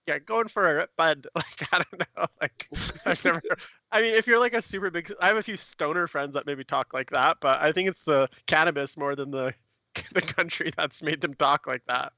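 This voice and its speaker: Bright, dry-voiced Canadian man. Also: a little high, brisk, gravelly, dry recording. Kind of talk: casual chat.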